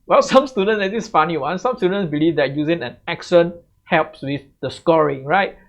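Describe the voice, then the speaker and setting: In a lo-fi, slightly muffled clip, a male English tutor offers exam tips to camera. His voice is on the high side and moderately paced, and his chatty delivery keeps circling back to "right?"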